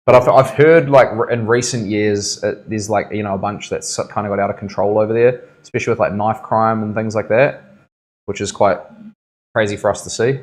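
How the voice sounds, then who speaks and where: A man's voice: fairly low pitch, fairly even intonation, a little fast. A man with a New Zealand accent, a tattoo artist chatting casually and bantering with laughter in his studio. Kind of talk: casual chat while tattooing.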